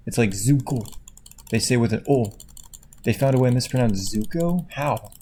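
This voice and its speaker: A man chatting casually at his computer at home, tired, quiet and rambling, laughing often. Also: medium pitch, expressive, normal speed. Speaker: video creator. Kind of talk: casual chat while clicking at a computer. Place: at home indoors.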